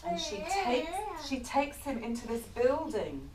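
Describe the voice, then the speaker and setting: A middle-aged English woman reading a picture book aloud to children, animated, stopping to ask them questions. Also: high voice, measured pace. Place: bookshop or café event room. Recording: echoey room, distant mic, background chatter.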